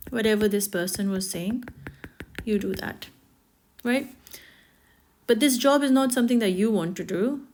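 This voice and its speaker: A woman talking reflectively and gently as she draws, sometimes dropping to a soft whisper. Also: medium pitch. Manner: gentle, reflective, slips into soft whispers and quoted nagging voices. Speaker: art healer and spiritual speaker. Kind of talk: reflective spoken monologue while drawing.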